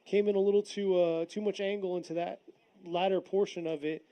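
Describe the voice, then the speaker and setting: A man's voice: high-pitched, brisk, low-quality recording. A man commentating drift runs, calling each car's run play by play. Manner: excited play-by-play over car runs. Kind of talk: motorsport commentary.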